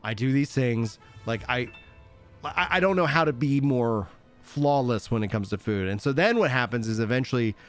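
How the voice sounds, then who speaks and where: A man's voice: mid-range voice, animated, normal speed, clear, resonant tone, faint music behind. Casting: middle-aged male streamer, rambling, self-deprecating, easy laugh, mid-range voice. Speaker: streamer and podcast host. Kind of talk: casual chat.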